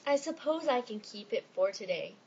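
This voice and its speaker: A woman voicing a grumpy older man who claims to dislike cats, talking in a slow, huffy, grumbling way in a storybook reading. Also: on the high side, expressive, darkish tone, muffled recording, slight background noise, natural voice.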